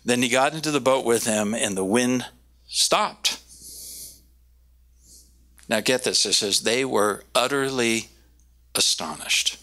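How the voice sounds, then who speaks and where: A man preaching a sermon, animated, slowing down to stress key words and raising his voice when he quotes. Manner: animated, quoting with raised pitch, slowing for emphasis. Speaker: pastor.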